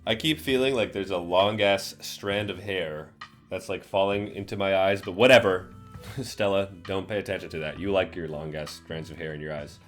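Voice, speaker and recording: A man's voice: low voice, steady tone, normal speed, fairly bright tone, soft background music. A man playing a story game, joking, swearing and reading the lines aloud. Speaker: gamer. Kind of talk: let's play commentary and reading.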